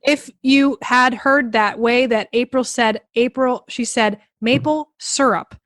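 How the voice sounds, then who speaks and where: A woman with a South Central Pennsylvania accent hosting a casual podcast chat, animated and playful as she tells stories. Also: a little high, measured pace, no room sound, clean studio sound. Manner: chatty, animated, playful storyteller. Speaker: podcast host.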